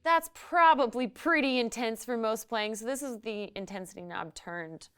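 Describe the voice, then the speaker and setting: A woman giving a relaxed, friendly guitar lesson as a guest instructor, explaining amp settings step by step. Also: on the high side, moderate pace, clean tone. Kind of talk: casual guitar lesson demo. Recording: loud guitar music between lines.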